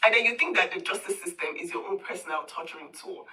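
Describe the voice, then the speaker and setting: Woman going off in a mocking rant, super bright sharp voice, bit far from the mic. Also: fairly low pitch, fast. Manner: scornful and confrontational, taunting. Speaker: social media commentator. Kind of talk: heated direct-to-camera rant.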